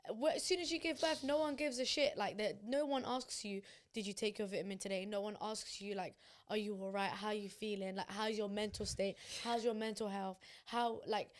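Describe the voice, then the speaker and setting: A woman's voice: medium pitch, fairly even intonation. A young woman, chatting emphatically on a podcast and acting out quotes. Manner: emphatic, quick, acts out quotes. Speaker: podcast co-host. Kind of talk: casual chat.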